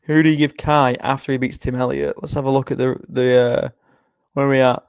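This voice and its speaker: A tired young man yawns through a livestream where he makes fight predictions, chatting casually, swearing often, and reading viewer comments aloud. His medium-pitched voice is flat, fairly quick, and clean, captured dry at studio quality.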